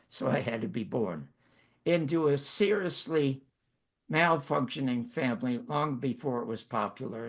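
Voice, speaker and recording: An elderly man in his nineties from Canada tells long stories about his own life in a wry, self-mocking way. His voice is gravelly and husky, set a little higher than most men's. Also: fairly bright tone. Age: 90s. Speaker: host. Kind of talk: storytelling monologue.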